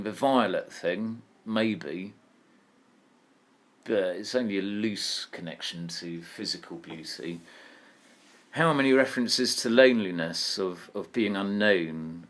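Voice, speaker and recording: Slow, low-voiced male English teacher. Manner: thinking aloud, musing and asking questions. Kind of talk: online poetry lesson.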